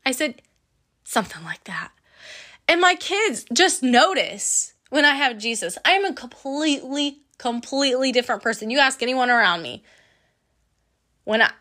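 A young woman talking earnestly and casually about her faith, chatty and quick to laugh. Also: on the high side, pushed and bright. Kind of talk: casual personal faith testimony.

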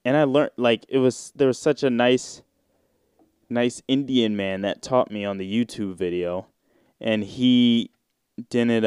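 A man's voice: mid-range voice, darkish tone, smooth, no room sound, clean studio sound. A man in his twenties hosting a casual solo podcast, rambling in slang with plenty of fillers and swearing. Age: 20s. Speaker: podcast host.

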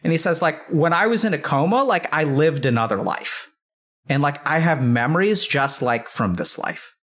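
A man's voice: a little high, expressive, moderate pace, fairly bright tone. Casual swearing man telling a story. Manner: rambling, heavy use of "like", swears freely. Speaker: psychiatrist, podcast guest.

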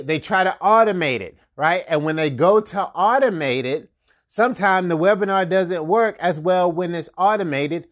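A man with a high-pitched voice hosts a marketing podcast and coaches listeners on business. He talks in a lively, conversational way, chuckles often and hammers home catchphrases. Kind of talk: casual motivational talk.

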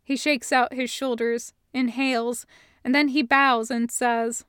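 A woman reading fan fiction aloud as a podfic, in an even, measured storytelling voice. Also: on the high side, clean tone, no echo, studio quality. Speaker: podfic reader.

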